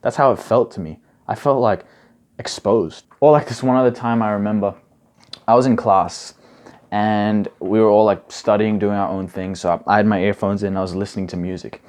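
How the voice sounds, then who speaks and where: Chatty young man, lower voice. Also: fairly even intonation, brisk, darkish tone. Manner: chatty, heavy on "like" and "bro". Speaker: study coach. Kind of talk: casual advice monologue.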